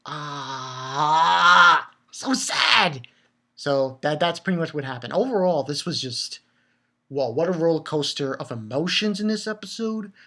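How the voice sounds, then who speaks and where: A man giving a casual anime episode recap, excitable and profane, stumbling over repeated words. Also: on the high side. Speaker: anime reviewer.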